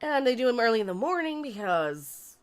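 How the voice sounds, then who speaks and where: A woman's voice: on the high side, very animated, moderate pace. A woman co-hosting a casual recap chat, laughing often and making sarcastic remarks. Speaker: co-host of a show recap stream.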